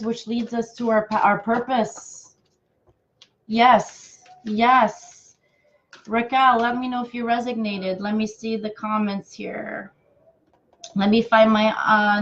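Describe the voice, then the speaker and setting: A woman giving live card readings to viewers, affectionate and halting, with many fillers and restarts. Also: fairly high pitch, level tone, dull audio. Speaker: intuitive card reader.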